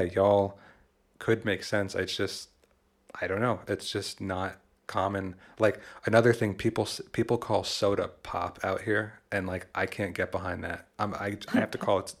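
Deep-voiced laid-back man. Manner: laid-back, hesitant, swears casually. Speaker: podcast co-host. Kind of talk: casual chat.

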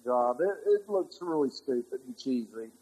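A man's voice: mid-range voice, expressive, normal speed, dark tone, husky, rough recording. A man co-hosting a podcast, chatting casually and rambling through his thoughts with plenty of fillers and restarts. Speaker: podcast co-host. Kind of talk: casual chat.

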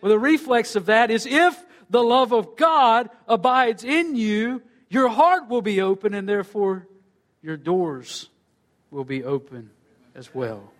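High-voiced preacher, swooping delivery. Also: male voice, lively intonation, a little slow. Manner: preaching with wide swings in pitch and loudness, dropping low and quiet at phrase ends. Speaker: pastor. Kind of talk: sermon.

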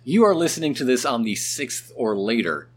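A man co-hosting a podcast in casual chat, talkative and quick to laugh. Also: mid-range voice, slightly rough. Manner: chatty, laughs often, lively. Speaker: podcast co-host.

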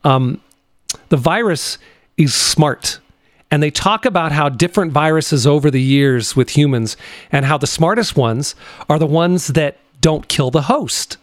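A man's voice: fairly high pitch, unhurried, no echo. A man hosting a comedy podcast, talking casually in a rambling way with frequent restarts. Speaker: podcast host.

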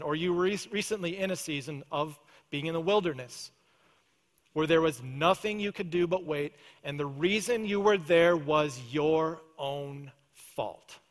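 Earnest preacher man in a reverberant hall. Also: a little high. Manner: earnest, dropping to soft intense prayer tones. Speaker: pastor. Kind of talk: sermon.

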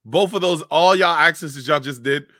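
A man co-hosting a casual podcast, animated and profane, pressing his points with emphasis. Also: fairly high pitch, moderate pace, no echo, clean studio sound. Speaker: podcast co-host. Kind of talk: casual banter.

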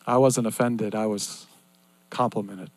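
An older man preaching a sermon in an earnest, repetitive cadence that swings between loud and hushed. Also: lowish voice, steady tone, unhurried, dry recording.

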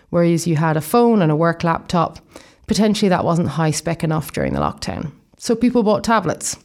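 A young Irish woman with a notably low voice talks through her plans in an easygoing, rambling way. She keeps drifting into friendly asides as she explains. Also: a little mellow. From Ireland. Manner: chatty and rambling, with frequent asides. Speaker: vlogger. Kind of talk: casual explanatory vlog.

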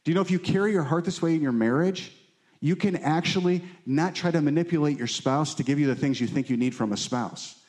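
A married pastor gives a sermon briskly, his voice on the high side and a little mellow. His preaching to the congregation is conversational, with frequent "right?" check-ins aimed at his listeners.

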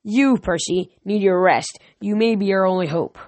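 A woman reading the part of an old, wise male centaur teacher who speaks in a measured, gently chiding way. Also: mid-range voice, no room sound, natural voice.

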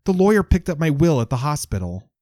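A man's voice: a little high, wildly swooping pitch, unhurried, warm tone, husky, no echo, studio quality, voice pushed up, exaggerated voice. A man doing a brusque possessed woman, 1940s twang. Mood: urgent. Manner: brusque, urgent questioning. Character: young woman possessed by an old man, 1940s accent, demanding. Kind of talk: audiobook character voice.

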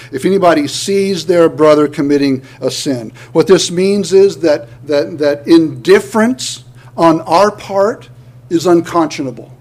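Earnest higher-voiced male pastor. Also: darkish tone. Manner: earnest, with repeated restarts and rising emphasis. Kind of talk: sermon.

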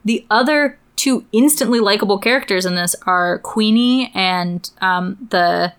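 A woman's voice: mid-range voice, measured pace, fairly bright tone, clear, resonant tone. A young woman co-hosting a podcast, speaking enthusiastically and with strong opinions in casual chat. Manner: enthusiastic, opinionated, many "like" fillers. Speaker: podcast co-host.

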